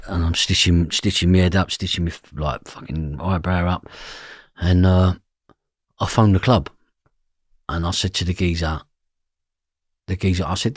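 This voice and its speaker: A man's voice: low-pitched, normal speed, long pauses, husky, no room sound, studio quality. A man telling a story from his past, blunt and swearing freely, often asking "do you know what I mean". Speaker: podcast guest. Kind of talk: personal storytelling.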